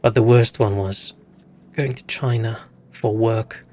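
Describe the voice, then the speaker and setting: A man's voice: on the low side, steady tone, a little slow, darkish tone. A young man from Africa, chatting casually and swearing as he tells stories while streaming a game. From South Africa. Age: young adult. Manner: rambling, swearing storyteller. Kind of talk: casual chat while gaming.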